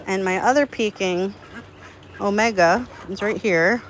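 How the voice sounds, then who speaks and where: A woman on her duck farm chats to viewers and to her birds, her voice lifting high whenever she coaxes them. She is recorded outdoors by the pens with faint noise behind her. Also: measured pace, long pauses, low-quality recording. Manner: chatty, talks to her ducks in a high coaxing voice. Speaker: duck keeper. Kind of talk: casual farm vlog talk.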